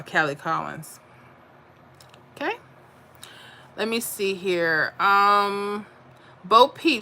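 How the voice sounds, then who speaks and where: Woman, crisp bright voice, casual livestream chat, reads comments and answers them. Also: mid-range voice. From Florida. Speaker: livestream host reading chat.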